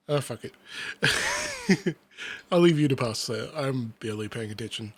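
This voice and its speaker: A man's voice: mid-range voice, wildly swooping pitch, measured pace, pauses often, a bit bright, slightly rough, dry recording. A man in his thirties reading a picture book aloud, breaking off into rambling, sweary, self-deprecating asides. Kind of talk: casual reading aloud with commentary.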